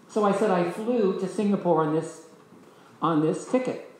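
Older male teacher, slightly high voice, lively storyteller, echoey room with faint noise. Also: unhurried. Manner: lively anecdotal storytelling, voices the people in his stories. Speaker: discipleship school teacher. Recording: echoey hall.

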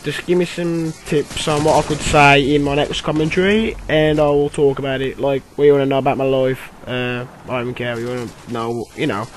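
A young man giving rambling, filler-heavy commentary over his own gameplay, with bursts of excitement. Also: medium pitch, fairly quick, hardly any pauses, slight background noise, poor audio. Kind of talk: casual game commentary.

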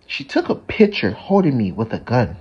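A man's voice: mid-range voice, wildly swooping pitch, normal speed, darkish tone, slightly rough, dull audio. Rambling man telling a story. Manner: rambling, many fillers and restarts. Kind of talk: casual storytime vlog.

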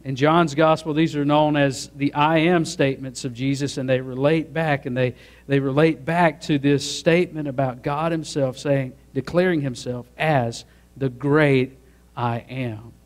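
A man's voice: mid-range voice, steady tone, unhurried. A man preaching a sermon as pastor, asking the congregation to join in and building to emphatic peaks. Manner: preaching with rising emphatic build-ups and audience prompts.

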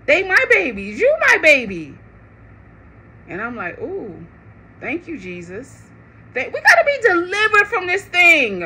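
A woman giving a prophetic sermon online in a lively, conversational way, laughing often. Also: high-pitched. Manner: animated, laughing, conversational preaching. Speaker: online preacher. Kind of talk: prophetic preaching.

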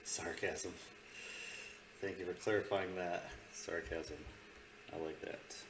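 A man's voice: low-pitched, level tone, a little fast. A male host giving casual, sarcastic commentary on news clips and swearing freely. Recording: roomy with faint noise.

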